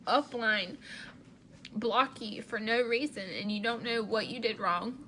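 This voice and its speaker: Woman sales director for a personal vlog: slow, emotional, candid, repeats herself. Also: a little high, a bit bright, a little hiss or hum.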